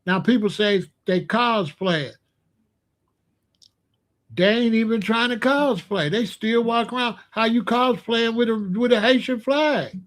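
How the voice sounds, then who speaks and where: A man giving casual, animated commentary with emphatic repetition and sudden loud outbursts. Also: very high-pitched, unhurried. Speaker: commentary vlogger.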